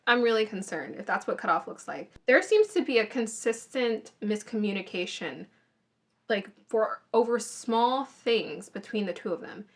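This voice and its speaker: Recorded on a phone, a woman with a medium-pitched, animated voice reviews reality TV at a moderate pace. She chats casually about her opinions, thinking aloud and restarting her sentences.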